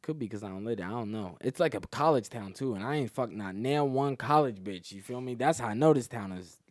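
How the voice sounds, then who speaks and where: Young man, crude boastful storyteller, mid pitch, dry close sound. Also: animated, brisk, no room sound. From Atlanta area, Georgia. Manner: profane, boastful, slangy, laughs at his own stories. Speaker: comedian guest.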